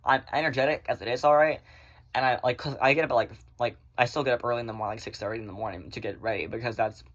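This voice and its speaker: A man chatting casually in a vlog, rambling through viewer questions and swearing freely, often in fast bursts. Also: medium pitch, fairly bright tone. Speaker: vlogger answering viewer questions. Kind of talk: casual chat.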